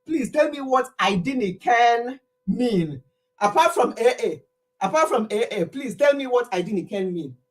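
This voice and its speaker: A woman's voice: fairly high pitch, animated, normal speed. A middle-aged Nigerian woman chatting casually with her livestream viewers, laughing often as she tells stories. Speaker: livestream host.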